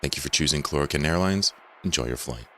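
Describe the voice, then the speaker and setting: A man's voice: a bass voice, animated, quick pace, pushed and bright, pitched below the performer's own voice, heavily acted. A man putting on the voice of a formal airline captain giving an in-flight announcement. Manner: formal, polished announcer delivery. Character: smooth adult male airline captain making announcements.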